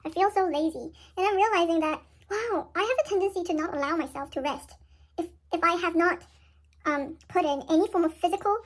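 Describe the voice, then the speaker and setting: A young woman talking casually to camera from her bed, rambling and self-deprecating, often laughing at herself. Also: very high-pitched. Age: young adult. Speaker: vlogger. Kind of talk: casual vlog chat. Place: in bed at home.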